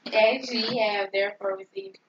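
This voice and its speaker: A woman reads Bible verses aloud in a quiet, careful voice with very little rise and fall. She sits back from the mic, and the recording sounds muffled. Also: medium pitch, moderate pace, slight background noise. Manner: quiet, flat, careful scripture reading. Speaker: host's wife reading scripture aloud. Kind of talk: reading aloud at home. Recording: distant, dull lo-fi recording.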